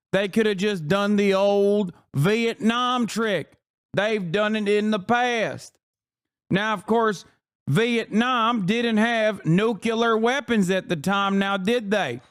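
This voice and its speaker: A man's voice: sits high, clean tone. A man in his thirties giving sarcastic, combative stream commentary and swearing often.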